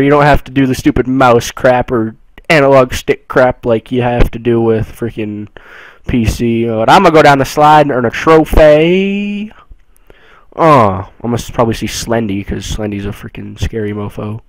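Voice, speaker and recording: A young man giving casual commentary on a horror game, excitable and jumpy, moving between low mutters and sudden yells. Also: moderate pace, no echo, low-quality recording. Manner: jumpy, excitable, swings from mumbling to yelling. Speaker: gameplay streamer.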